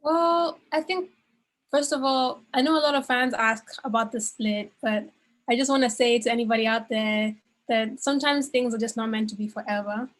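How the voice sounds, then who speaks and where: A woman musician answers in a relaxed, loose way, her fairly high voice dotted with casual fillers. She sounds easygoing and reflective in a plain interview setting. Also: normal speed. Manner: relaxed, filler-heavy "like" phrasing. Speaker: musician guest.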